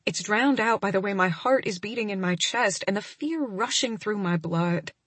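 A woman reads a first-person romance with an intimate, emotional delivery. Her voice sits in a middle range and has a husky, breathy grain. The recording is close and dry. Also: medium pitch, normal speed, a bit bright, no echo. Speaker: audiobook narrator.

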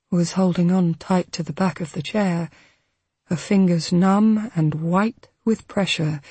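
Brief: woman audiobook reader, unhurried, husky, close and dry. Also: on the low side, darkish tone, dry recording. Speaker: audiobook narrator. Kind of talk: scripted novel narration.

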